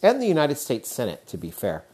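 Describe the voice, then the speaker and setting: A man's voice: medium pitch, huge pitch swings, a little fast, a little mellow. A man in his thirties hosting a casual solo podcast, chatty, laughing often and using lots of fillers. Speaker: podcast host.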